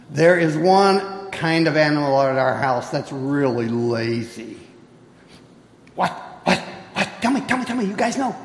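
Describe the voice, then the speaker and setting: Animated man telling kids a story. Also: fairly high pitch, gravelly. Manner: animated, playful, calls out to kids. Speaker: children's storyteller. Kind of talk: children's story talk. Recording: echoey hall with long reverb.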